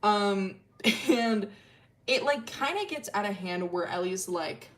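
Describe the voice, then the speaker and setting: A woman's voice: medium pitch, animated, slow pace, fairly bright tone. A woman streamer casually telling a story about her original characters, rambling with lots of fillers, swearing freely and laughing often. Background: faint music.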